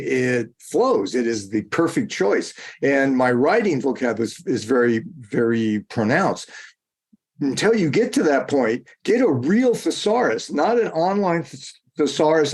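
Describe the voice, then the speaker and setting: A man's voice: medium pitch, sing-song, normal speed, darkish tone. A man speaking as a guest in a casual interview, rambling and digressive, often restarting and correcting himself mid-sentence.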